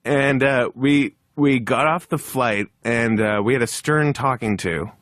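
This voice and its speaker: A man's voice: medium pitch, unhurried, no echo, studio quality. A man in his thirties, telling a comic anecdote as a podcast guest. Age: 30s. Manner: animated anecdote, shouting when he quotes others. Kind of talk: comedic storytelling on a podcast.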